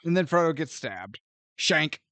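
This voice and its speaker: A man co-hosts a casual podcast, joking through a movie review and acting out the scenes as he goes. His voice sits fairly high for a man and jumps around a lot in pitch. The recording is dry and close, with no room sound. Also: measured pace, no room sound. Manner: animated and joking, often laughs and acts out scenes. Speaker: podcast co-host.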